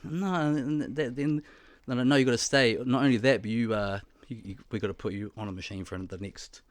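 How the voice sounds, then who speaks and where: A man's voice: mid-range voice, a little fast, no echo. A young man, co-hosting a casual podcast, telling stories frankly and with plenty of swearing. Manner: frank, sweary, animated storytelling with acted-out quotes. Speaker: podcast co-host.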